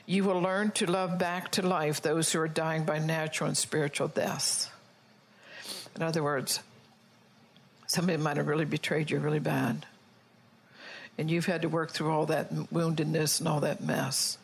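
A woman preaching a sermon, emphatic and scolding, who calls on the congregation to agree and slows down for quoted scripture. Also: low voice, steady tone.

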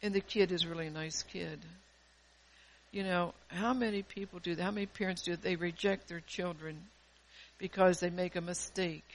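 A woman pastor delivering a fervent sermon, swelling loud and dropping soft, often restarting her phrases. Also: lowish voice, fairly even intonation, normal speed, low-quality recording.

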